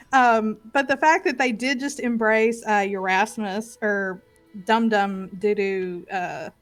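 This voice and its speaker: A woman player telling a tabletop game recap in casual chat, lively and swearing freely. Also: on the high side, slow pace, faint music behind.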